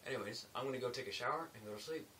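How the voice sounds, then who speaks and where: A man's voice: mid-range voice, very fast, pushed and bright, distant mic, poor audio. A man who works as a construction laborer, telling casual late-night work stories in a loose, rambling way with lots of fillers. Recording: faint hiss, mic set back.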